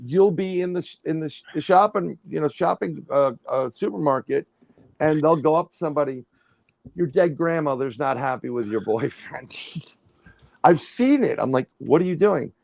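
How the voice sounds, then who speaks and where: A middle-aged man with a somewhat high, creaky voice talks at a moderate pace in a dry recording. As a guest paranormal researcher on a livestream, he casually rambles through an animated story, restarting and acting out people's quotes.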